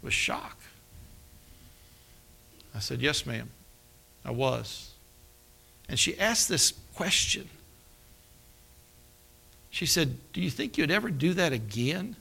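A man preaching a sermon, telling his own story and acting out the dialogue, dropping to a hush at tense moments. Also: fairly high pitch, sing-song, slow, gravelly, long pauses, slightly rough. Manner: storytelling, acts out dialogue with dramatic drops to a hush. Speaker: pastor. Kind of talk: sermon with personal testimony.

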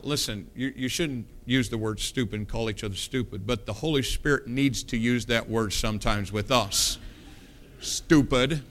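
Bright-voiced preacher man telling a story. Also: mid-range voice. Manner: animated, punchy preaching with quoted dialogue. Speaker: pastor. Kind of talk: sermon storytelling.

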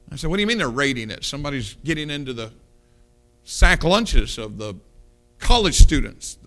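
Preacher guy, sharp bright voice, animated storytelling sermon. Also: a little high. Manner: animated, punchy preaching with quoted dialogue. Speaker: pastor.

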